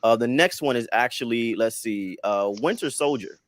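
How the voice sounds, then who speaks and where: A man on a casual podcast panel, explaining his film rankings in a halting way, repeating words and leaning on fillers. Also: mid-range voice, heavy background noise.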